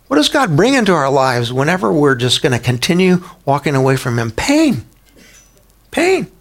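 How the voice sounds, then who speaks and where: A man preaching a sermon in a conversational way, asking the listeners rhetorical questions and rising sharply in pitch for emphasis. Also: very animated, fairly quick, a bit bright. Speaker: pastor.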